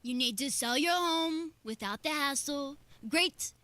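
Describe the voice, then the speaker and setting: A woman's voice: high-pitched, measured pace, pushed and bright, no room sound. Woman doing a brash boastful old president. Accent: New Jersey. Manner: boastful, repetitive, interrupts herself. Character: boastful older male president, brash showman. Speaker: fill-in producer. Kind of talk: comic impression on radio.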